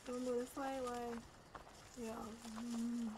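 Jumpy woman gamer, fairly high voice. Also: flat delivery, takes it slowly. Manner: jumpy, exclaiming, repeats herself when nervous. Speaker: gamer streaming a horror game. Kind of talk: casual let's-play commentary. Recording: noticeable background noise.

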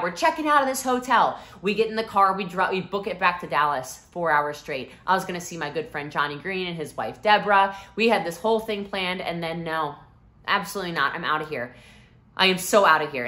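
A woman in her thirties talks straight to the camera with a low but bright, forceful voice. She tells her story expressively, dropping to near whispers and then surging loud. Her delivery is emotional and personal. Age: 30s. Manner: animated and expressive, swinging from hushed to loud, breaks into laughter. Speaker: vlogger.

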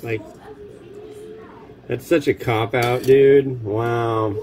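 Slow, rambling man over music. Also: medium pitch, lively intonation, darkish tone. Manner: rambling, wry and offhand. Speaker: cooking show host. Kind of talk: casual chat while cooking. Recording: music playing underneath.

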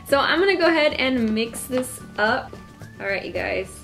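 A woman's voice: fairly high pitch, expressive, moderate pace, vocal fry, a bit bright, soft background music. Chatty young woman from Texas. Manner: chatty, friendly, laughs often. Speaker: vlogger. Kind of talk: casual product review vlog.

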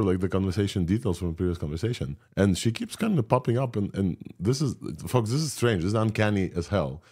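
A middle-aged man hosting a podcast, excitedly testing an AI voice and talking to his audience. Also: on the low side. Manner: excited, talks to the audience between tests. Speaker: podcast host. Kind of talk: casual live demo chat.

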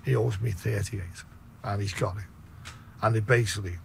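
A man's voice: fairly low pitch, normal speed, vocal fry, slight background noise. Blunt swearing Liverpool man. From Liverpool, England. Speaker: podcast guest, debt collector. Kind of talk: storytelling on a podcast.

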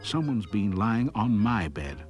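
A man's voice: on the low side, very animated, measured pace, darkish tone, soft background music. A man voicing a fussy, indignant mummy bear in a storybook reading. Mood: cross. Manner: cross, indignant. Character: fussy middle-sized mummy bear, female.

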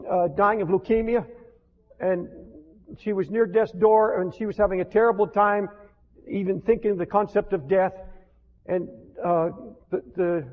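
An older man preaching with rising fervor, his voice sitting high and pressing hard on key lines. The sound is thin and phone-like, and a long hall echo trails after each phrase. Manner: impassioned, rising to emphatic declarations, reads scripture in old-fashioned wording. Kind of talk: sermon. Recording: tinny phone-like archival recording with long hall reverb.

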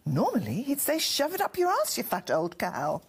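A woman voicing a prim, fretful housewife in a comic story, shrill and indignant. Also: wildly swooping pitch, moderate pace, breathy edge, full character voice.

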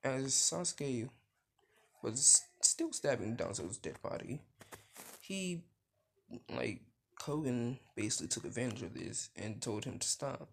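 Slow, gravelly man rambling through a story. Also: mid-range voice, expressive, slight background noise. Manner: rambling, loses his thread, swears casually. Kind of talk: casual retelling of a fan story.

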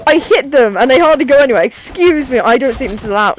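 A woman giving live commentary over her own gameplay, excitable and complaining as she plays. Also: high voice, fast talker, faint music behind. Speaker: gaming video creator.

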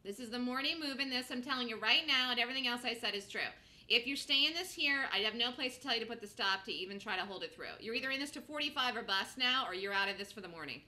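A woman hosting a live day-trading show, giving rapid, repetitive play-by-play of her trades and gasping and squealing as prices move. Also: fairly high pitch, bright, forceful tone.

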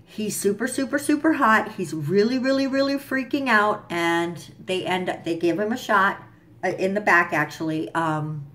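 A woman's voice: medium pitch, normal speed, a bit bright. Young woman rambling thru a show recap, swears a lot, lots of ums. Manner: chatty, profane, lots of fillers and asides. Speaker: vlogger recapping a TV episode. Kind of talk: casual chat.

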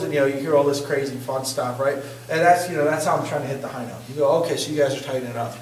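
A man's voice: mid-range voice, very fast, few pauses, a little hiss or hum. Male vocal coach, casual and joking, quizzing his class; recorded distant in a reverberant room. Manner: chatty, joking, asks the group questions. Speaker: singing instructor. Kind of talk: casual workshop teaching. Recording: echoey room, distant mic.

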